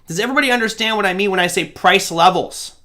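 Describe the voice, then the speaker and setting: Man, bright forceful voice, slightly high pitch, live stream host, chatty, digressive. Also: fast talker. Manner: chatty, digressive, addresses chat directly. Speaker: host of a live trading show. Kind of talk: live-stream chat answering viewers.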